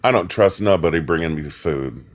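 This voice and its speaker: A man's voice: low-pitched, moderate pace. A man chatting casually on a live stream, laid-back and wry. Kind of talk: casual chat.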